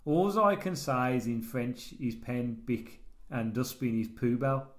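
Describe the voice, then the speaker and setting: A man's voice: mid-range voice, close to an everyday voice. A man reading out a letter in the voice of a simple-minded, bumbling male writer who uses broken grammar. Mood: deadpan. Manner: slow, halting, broken grammar.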